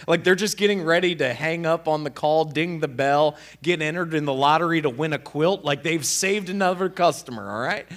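Lively, sarcastic man telling a story. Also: on the high side. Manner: animated, sarcastic, exasperated. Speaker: speaker telling a personal story. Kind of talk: conversational storytelling.

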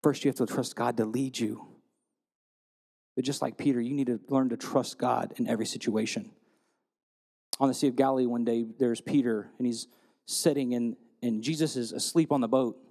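A man preaching a sermon, telling stories and retelling scripture in a lively storytelling way. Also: mid-range voice, normal speed, long reverb tail. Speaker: pastor.

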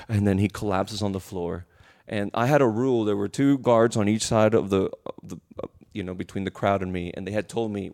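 A male preacher telling a story in a sermon, animated and emotional, often restarting his words. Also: on the low side, a little fast, creaky.

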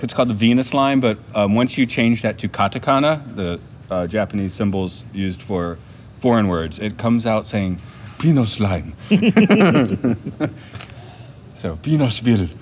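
A man's voice: fairly low pitch, lively intonation, a little slow, slight background noise. A man co-hosting a casual film podcast, laughing often and trailing off with fillers. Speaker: podcast co-host. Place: lives in Japan.

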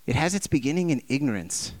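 A man's voice: very animated, fast, dry recording. Man preaching a passionate sermon. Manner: impassioned, conversational, with rhetorical questions; acts out quoted voices with big swings in pitch and volume.

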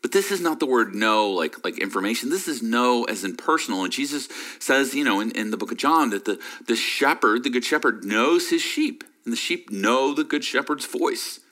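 A man's voice: mid-range voice, expressive, normal speed, hardly any pauses, bright, forceful tone. A middle-aged man preaching a sermon in a conversational way, often checking in with "right?". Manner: conversational, full of "you know" and "right?". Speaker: pastor.

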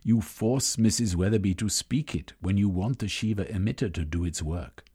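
A man voicing a cold, scheming male villain who bargains with menace, in a husky voice. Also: on the low side, moderate pace, warm tone.

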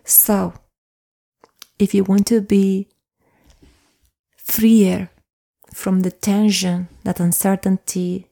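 A middle-aged woman hosts a self-help podcast and speaks with unhurried, soothing calm. Her voice is dark and mellow with a gravelly texture. At times she softens it to a near whisper. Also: mid-range voice. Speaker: podcast host and coach. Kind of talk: slow, gentle self-help podcast talk.

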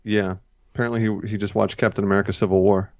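A man with a low, gravelly voice talks casually, rambling and correcting himself while he retells scenes. The recording is dull and lo-fi, with a dry sound. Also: level tone, fast, darkish tone, dry recording. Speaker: podcast co-host. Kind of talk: casual chat.

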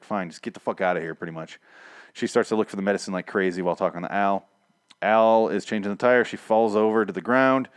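This man's low-leaning voice recaps and reviews a TV episode in a rambling, sarcastic way, swearing often and acting out the characters' lines. The studio recording is clean with no room sound.

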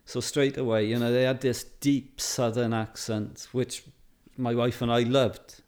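A middle-aged Welsh man talks at an easy, storytelling pace. He fills his sentences with ums and little laughs and sounds relaxed and conversational. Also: medium pitch, unhurried. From Wales. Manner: chatty, anecdotal, laughs often, many fillers. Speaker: photographer guest. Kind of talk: casual interview chat.

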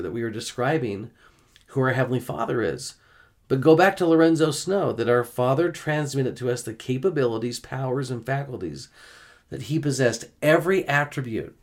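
A man's voice: medium pitch, darkish tone. Earnest man teaching scripture. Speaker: podcast host. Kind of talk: gospel discussion podcast.

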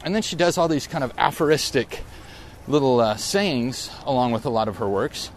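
With a medium pitch and lively intonation, a man in his forties talks at normal speed on his solo podcast, riding through a park as a little background noise comes through. His musings wander, and he often stops to revise what he just said.

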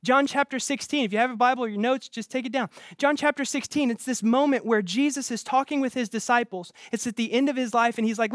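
A man preaching an earnest, emphatic sermon as pastor, with quick restarts. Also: very high-pitched, no room sound, studio quality.

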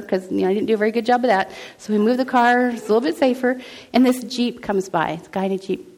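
A woman's voice: medium pitch, a little fast, darkish tone. A middle-aged woman sharing a personal faith testimony in an earnest, conversational way, full of restarts and acted-out dialogue. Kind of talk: faith testimony, casual storytelling.

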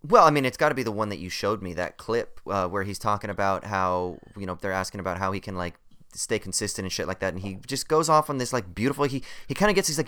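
A man co-hosting a podcast in casual chat, who swears freely and gets loud and excited retelling clips. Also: fairly low pitch, quick pace, smooth. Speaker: podcast co-host.

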